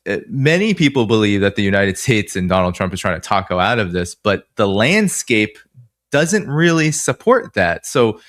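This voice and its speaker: Hesitant low-voiced Boston interviewer. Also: male voice, very animated, moderate pace, fairly bright tone, no echo, clean studio sound. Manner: hesitant, many fillers, long winding questions. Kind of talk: interview questions.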